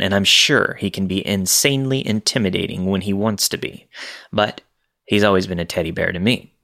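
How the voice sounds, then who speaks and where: A man reading scary true stories aloud in a measured, steady storytelling delivery. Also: lowish voice. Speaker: narrator.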